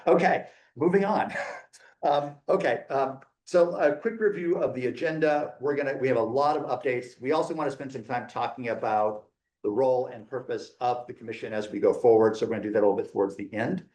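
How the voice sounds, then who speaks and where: A man runs a public meeting with casual, joking friendliness, moving the agenda along in an informal way. His voice sits at an ordinary middle pitch. The sound carries the reverberant echo of a meeting room. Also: brisk, a little mellow. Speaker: meeting chair. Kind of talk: chairing a hybrid public meeting.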